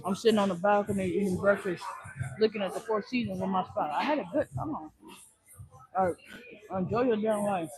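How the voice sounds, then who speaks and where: A man's voice: high-pitched, a little fast, crowd noise, rough recording. A man hosting a livestream, chatting casually in a rambling way and repeating his phrases. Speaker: livestream host.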